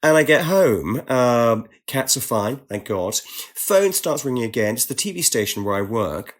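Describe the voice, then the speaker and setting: A British man, a guest on a talk show, telling an animated story in conversation and slipping into other voices when quoting people. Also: mid-range voice, moderate pace. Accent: British English. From Britain.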